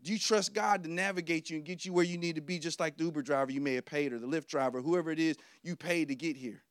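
High-voiced animated male preacher. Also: fast, clear, resonant tone, no room sound, clean studio sound. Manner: animated storytelling, repeats key lines, questions the audience. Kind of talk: sermon.

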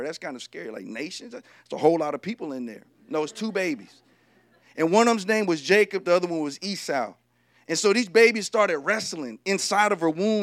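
A male preacher giving a lively, humorous sermon and talking directly to the congregation. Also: sits high, no room sound, clean studio sound.

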